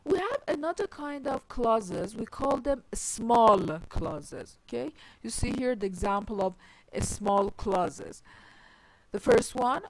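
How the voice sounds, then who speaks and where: A woman gives a grammar lecture in a dry, close recording with no room echo. Her voice sits at a middle pitch. She explains step by step and keeps rephrasing her points with "I mean".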